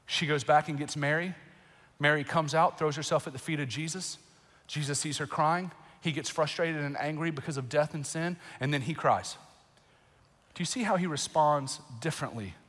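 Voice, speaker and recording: A man preaching a sermon as pastor, emotional and animated, with bursts of laughter and raised emphasis. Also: fairly high pitch. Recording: long reverb in a large hall.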